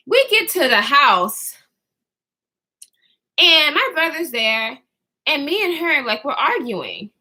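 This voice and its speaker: A young woman's high, bright voice carries a long storytime vlog told straight to her camera. She talks casually and swoops all over her range. She curses freely and throws herself into playing the other people in the story. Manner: animated, profane, acts out quotes in others' voices. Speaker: vlogger.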